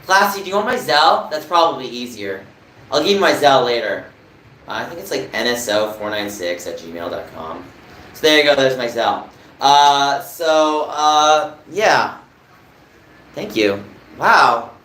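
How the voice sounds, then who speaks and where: A man's voice: mid-range voice, very animated, measured pace, pushed and bright, reverberant, a little hiss or hum, poor audio. A young man from New Jersey chatting casually on a live stream, rambling and answering viewers' comments. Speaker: livestreamer.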